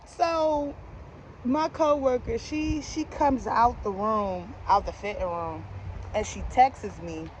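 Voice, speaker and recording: A young adult woman telling a comedic storytime in a casual, slangy, animated way, laughing along as she goes. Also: medium pitch, slow pace, a little hiss or hum.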